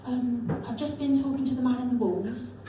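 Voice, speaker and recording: A woman voicing her small son in a hushed, breathy child's voice. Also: high-pitched, a little fast, roomy sound, recorded from a distance, slight background noise, natural voice. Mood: whispering. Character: small boy, her young son, blunt and eerie.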